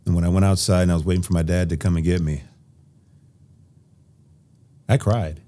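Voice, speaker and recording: A man from Nebraska, a podcast guest, telling stories from his past in an animated way with an occasional laugh. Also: low voice, brisk. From Nebraska, USA. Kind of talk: casual interview storytelling.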